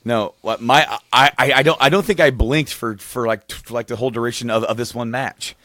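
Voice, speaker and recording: A man co-hosting a casual podcast, rambling through a funny story, laughing often and getting excited as he goes. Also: mid-range voice, fairly quick, no room sound. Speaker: podcast co-host. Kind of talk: casual chat, telling a story.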